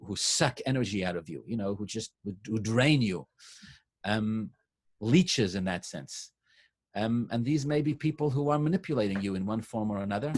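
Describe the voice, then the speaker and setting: A man speaking as a rabbi to a congregation in a synagogue, answering a question in a conversational way with frequent restarts. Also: medium pitch. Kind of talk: sermon-style Q&A to a congregation.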